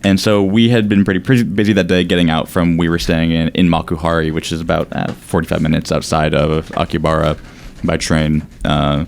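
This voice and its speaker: A young man co-hosts a podcast and walks through a travel story in relaxed but halting chat. He often restarts his sentences as he goes. His voice sits very low. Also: gravelly. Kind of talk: casual chat recounting a trip.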